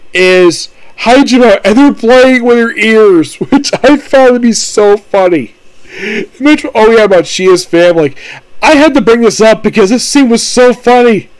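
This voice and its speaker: A man with a fairly high voice talks through an anime episode in a loose, rambling way. He keeps circling back with fillers and restarts. The sound is dry and close, with no room behind it. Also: dry recording, rough recording. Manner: rambling, full of fillers like "basically" and "of course". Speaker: anime reviewer. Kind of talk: casual spoken review.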